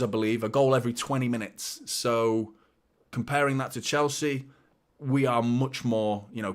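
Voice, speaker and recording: A man hosting a live football watchalong, chatting and joking with viewers and getting excited during attacks. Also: mid-range voice. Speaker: fan channel host. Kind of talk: live match watchalong commentary and chat.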